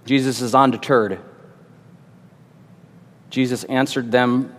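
A man's voice: high voice, moderate pace, in a large hall. A man preaching a sermon, earnest and emphatic, often repeating words as he builds his point.

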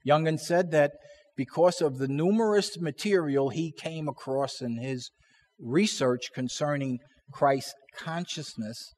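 A man teaching from scripture in a sermon style, slow and emphatic, often repeating key words for stress. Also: fairly high pitch, a little mellow. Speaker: preacher.

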